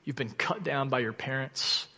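A man in his thirties preaching a sermon, telling a personal story in an earnest, animated way that falls to quiet intensity. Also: mid-range voice, moderate pace, husky. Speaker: pastor. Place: church sanctuary. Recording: church hall reverb.

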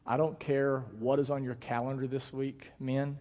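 A man's voice: medium pitch, fairly even intonation, dark tone. A man in his thirties, a pastor, preaching a sermon with earnest emphasis and playful storytelling asides. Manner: earnest, emphatic preaching with slowed stress on key words. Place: church sanctuary. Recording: long church hall reverb.

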